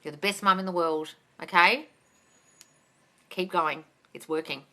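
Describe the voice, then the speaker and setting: On a live stream picked up by phone or webcam, this woman reads out comments and hands out blunt manifestation advice, swearing freely and addressing viewers as darling. She speaks at a measured pace in a low-leaning voice that sounds pushed and bright.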